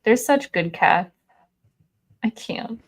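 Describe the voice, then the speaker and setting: A woman's voice: a little high, expressive, slow pace. A woman hosting a casual livestream from home, chatty and giggly, often laughing as she talks. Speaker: livestream host.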